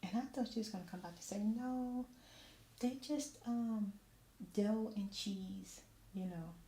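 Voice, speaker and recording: A middle-aged woman telling a story in a soft-spoken ASMR chat, slipping into whispers now and then. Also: mid-range voice, a little slow. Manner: animated storytelling, drops into whispers. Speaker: ASMR creator. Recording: roomy echo, faint ambient noise.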